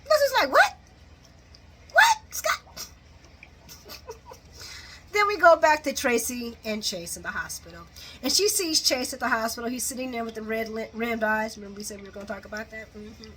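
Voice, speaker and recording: Bright-voiced woman chatting a soap recap. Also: a little high, fast talker, slight background noise. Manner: animated, laughs often, acts out quotes. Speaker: soap opera recap vlogger. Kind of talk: casual recap chat.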